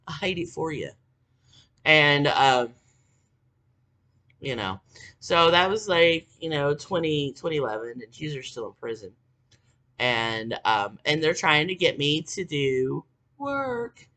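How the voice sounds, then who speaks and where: This vlogger, somewhere in their forties, vents angrily in an offhand monologue full of profanity and filler, alternating low mumbles with loud outbursts. The delivery has a sing-song quality at a moderate pace.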